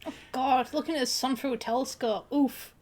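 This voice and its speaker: A woman's voice: high-pitched, steady tone, a little fast, darkish tone. A woman with a Northern English accent chatting casually on a livestream, with dry asides and frequent laughter.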